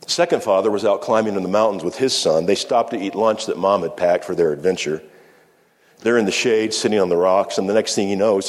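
Male pastor, fairly low voice, preaching with deliberate pauses; reverberant sanctuary sound. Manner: measured preaching with slow emphatic pauses. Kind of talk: sermon. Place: church sanctuary. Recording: long reverb of a church hall.

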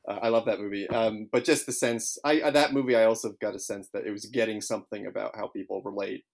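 Male podcast host, low voice, hesitant and thoughtful delivery. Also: steady tone, gravelly. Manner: halting, frequent restarts and hesitations. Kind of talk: casual podcast conversation.

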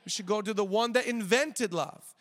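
A man in his thirties preaching a sermon as a pastor, energetic, slowing down to stress key lines and tossing in joking asides. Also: sits high, big-room sound. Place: church auditorium.

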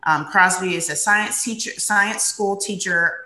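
A woman's voice: mid-range voice, a little slow. Chatty woman co-host, roomy sound. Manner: chatty, relaxed, many fillers. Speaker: podcast co-host. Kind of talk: casual podcast chat.

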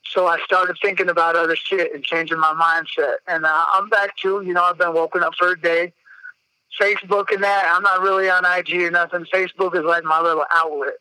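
A man tells a personal story on his podcast, blunt, profane and openly emotional. His voice is sharp and very bright but smooth, delivered in an even, level tone. The microphone sound is close and dry. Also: high-pitched, a little fast, no echo, poor audio. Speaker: podcast host.

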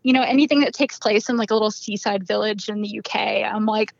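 A woman's voice: mid-range voice, fairly even intonation, fast, vocal fry, no echo. A young woman, chatting casually as a podcast guest and laughing often. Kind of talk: casual chat. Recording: dull, dry lo-fi sound.

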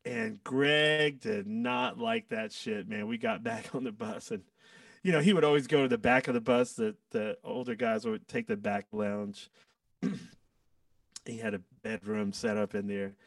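A man, a guest musician, telling stories in a casual, animated way and acting out quoted lines. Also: on the low side, a little slow, gravelly, no echo, recorded from a distance. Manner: animated, acts out quotes with laughs. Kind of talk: casual storytelling.

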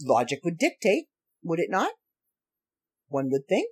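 A woman hosting her own podcast from home late at night, ranting in a sarcastic way with slow, drawn-out emphasis. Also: lowish voice, huge pitch swings, slightly rough. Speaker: podcast host. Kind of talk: ranty solo podcast monologue.

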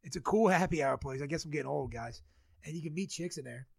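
Gravelly fast-talking Philly man. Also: on the high side, dry recording. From Philadelphia. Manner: profane, boisterous, laughs a lot. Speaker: podcast host. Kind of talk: casual chat.

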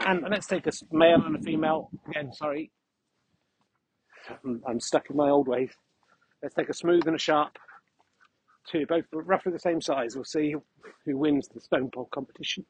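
A man carries a mic while crossing open fields with his dog, delivering a rambling comic monologue that's deadpan and mock-grandiose. He speaks at normal speed with a fairly high pitch and frequent pauses, over slight background noise.

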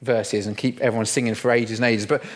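A man's voice: mid-range voice, fairly even intonation, fast talker. A middle-aged man, preaching a humorous sermon in a playful, self-mocking storytelling way. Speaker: pastor.

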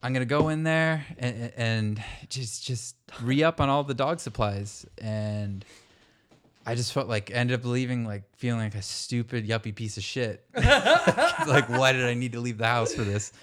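A man's voice: mid-range voice, expressive, a little slow, fairly bright tone. Man, podcast co-host, casual chat, laid-back storyteller, laughs and swears.

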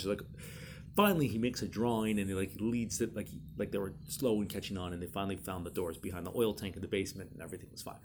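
A man hosting his own show, telling prank stories in a casual, animated way and acting out the quotes in high voices. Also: fast talker, slight background noise. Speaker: podcast host. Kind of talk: casual storytelling monologue.

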